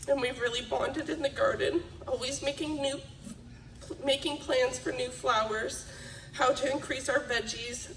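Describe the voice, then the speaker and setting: A young woman reads a eulogy, her fairly high voice catching between laughter and tears. She sounds a little away from the mic, and the room around her rings with echo. Faint ambience sits underneath. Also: a bit bright, a little hiss or hum. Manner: emotional, laughing through tears. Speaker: daughter giving a eulogy. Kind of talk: reading a memorial speech. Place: memorial gathering hall. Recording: echoey room, mic from a distance.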